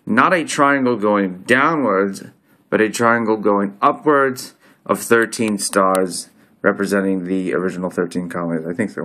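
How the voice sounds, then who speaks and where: A man's voice: fairly low pitch, lively intonation, unhurried, pushed and bright. A man casually explaining coins he holds up to the camera, talking in a put-on accent with a loose, rambling delivery that keeps breaking off and restarting. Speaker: video host.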